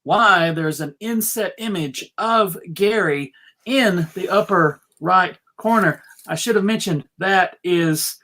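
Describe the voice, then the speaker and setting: A man hosting a casual livestream chat, halting with many restarts and laughs. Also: high voice, sharp tone. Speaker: podcast host.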